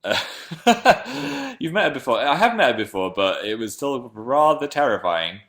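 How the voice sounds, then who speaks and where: A man's voice: very animated, unhurried, vocal fry, fairly bright tone. Young male livestreamer, slight northern English lilt, playful and chatty, casual webcam chat. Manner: chatty and playful, jumps into silly high voices. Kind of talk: casual livestream chat answering viewer comments.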